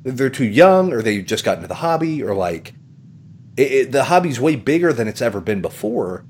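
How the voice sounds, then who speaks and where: A man's voice: mid-range voice, normal speed, slight background noise. A man chatting casually on a podcast, telling stories and acting out what other people said. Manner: animated storyteller, acts out quoted voices. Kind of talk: casual chat.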